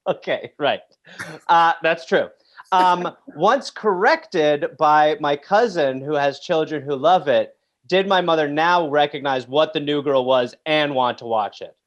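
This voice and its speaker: A man's voice: a little high, measured pace, muffled recording. A man hosting a comedy podcast, teasing his mother and guest in casual chat. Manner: teasing, playful. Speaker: podcast host.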